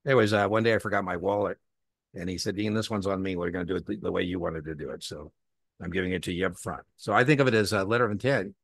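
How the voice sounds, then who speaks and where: A man's voice: deep voice, fast, vocal fry, no room sound, clean studio sound. A man teaching an exam prep class in a conversational way, telling anecdotes and acting out the dialogue in them. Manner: animated storytelling, acts out dialogue; repeats key points for emphasis.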